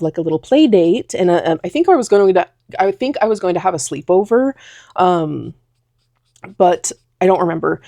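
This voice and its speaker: A woman's voice: on the low side, gravelly, darkish tone, no echo, studio quality. A young woman telling a personal story in a casual talking vlog, rambling with lots of fillers. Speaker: vlogger.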